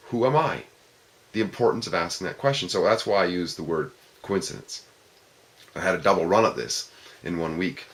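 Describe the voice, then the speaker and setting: A man's voice: sits low, a bit bright. A man giving an informal philosophical talk to a discussion group, reflecting step by step and posing questions to his listeners.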